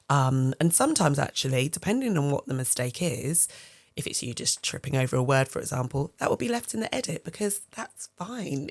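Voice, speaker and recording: Low-voiced upbeat woman. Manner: upbeat, laughs easily. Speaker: podcast co-host. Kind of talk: casual conversational chat.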